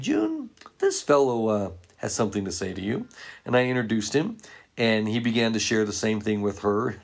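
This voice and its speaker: Male ministry leader, gravelly voice, earnest anecdotal storytelling to a church audience. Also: lowish voice. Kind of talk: storytelling talk to ministry workers.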